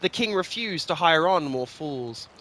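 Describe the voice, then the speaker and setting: A man reads fantasy lore aloud, expressive and rhythmic, giving each line a clear shape. His voice is bright and forceful, set a touch high. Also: measured pace. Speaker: lore reader. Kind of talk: scripted fantasy story reading.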